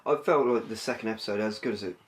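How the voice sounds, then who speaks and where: A man's voice: lowish voice, racing, background noise. A man co-hosting a casual podcast, agreeable and chipping in with facts. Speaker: podcast co-host. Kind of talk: casual chat.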